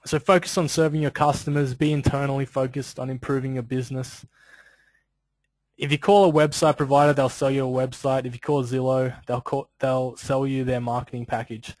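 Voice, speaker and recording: A man talking through a business webinar in an easygoing, chatty style, often slipping in little filler asides. His voice sits at an ordinary middle pitch. The sound is dry and close, with no room around it. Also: level tone, fairly quick, darkish tone, no room sound, low-quality recording. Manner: conversational, loose, peppered with "you know" and "like". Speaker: webinar presenter. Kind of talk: casual instructional webinar talk.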